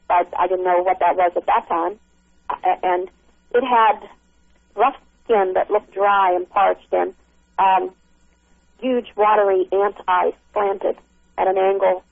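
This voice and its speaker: A middle-aged woman tells a frightening encounter over a tinny phone line, her voice gravelly and her speech halting, full of restarts. The line sounds dry and close. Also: medium pitch, no room sound. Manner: halting, with many restarts and fillers. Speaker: caller recounting an encounter. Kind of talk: emotional first-person account.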